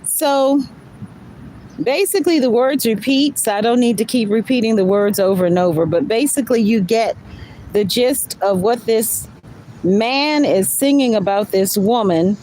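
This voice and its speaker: A woman hosting a live stream, reading song lyrics aloud and then slowly explaining their message in an earnest way. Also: a little high, dark tone, a little hiss or hum, rough recording. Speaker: livestream host. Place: outdoors or near a road, truck passing. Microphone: phone livestream.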